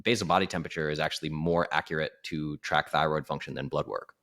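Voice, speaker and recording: This is a man with a notably deep voice, chatting as a guest on a podcast. He coaches people on health and talks in an animated, casual way, full of "like" and sudden acted-out quotes. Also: quick pace.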